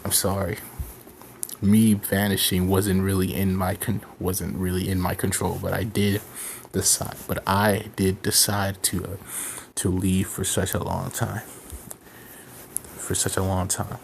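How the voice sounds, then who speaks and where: A stammering, rambling teenage boy hero, as a man voices him in a homemade story. He trips over his words and restarts often. He talks slowly. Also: sits low, level tone, creaky, slight background noise. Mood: apologetic. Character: flustered fourteen-year-old boy hero, apologetic.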